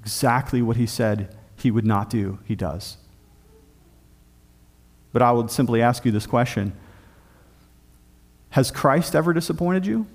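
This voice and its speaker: A man preaching a sermon as pastor of a church, emphatic, often dropping low and quiet on key points. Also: a little slow, long pauses.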